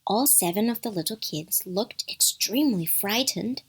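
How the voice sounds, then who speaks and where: A woman's voice: mid-range voice, lively intonation, moderate pace, husky. A woman narrating a bedtime story with playful asides to the listener.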